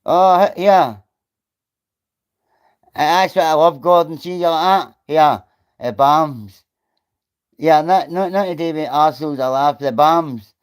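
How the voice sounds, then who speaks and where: A middle-aged Scottish man streams live and talks straight to his viewers. His voice sits a little high for a man. He is blunt and swears freely as he answers comments. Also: unhurried, pauses often, clear, resonant tone. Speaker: livestreamer reading chat. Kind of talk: casual livestream chat.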